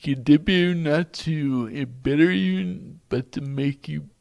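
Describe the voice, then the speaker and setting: A man's voice: fairly high pitch, gravelly, darkish tone, no echo. A man who is a guest speaker, telling stories and speaking earnestly about faith in a podcast interview. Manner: slow, deliberate, earnest, faith-based.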